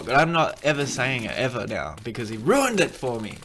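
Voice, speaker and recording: A man's voice: medium pitch, very animated, brisk, few pauses, a bit bright, slight background noise. A man giving a casual, rambling game tutorial, cracking jokes and correcting himself as he plays. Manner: rambling, joking, self-correcting. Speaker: gaming video creator.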